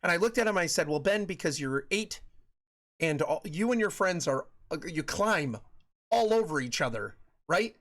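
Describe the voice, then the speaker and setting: Rambling dad streamer, slightly high voice. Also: male voice, lively intonation, moderate pace, fairly bright tone. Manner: rambling, repeats phrases, many fillers. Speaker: streamer host. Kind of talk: casual chat with live stream chat.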